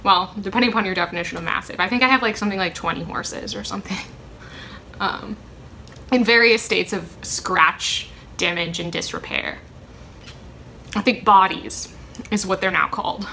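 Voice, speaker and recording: Chatty young woman, bright voice. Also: medium pitch, normal speed, vocal fry, slight background noise. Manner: rambling, chatty, many ums and self-corrections. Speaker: vlogger answering a question tag. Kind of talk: casual chat.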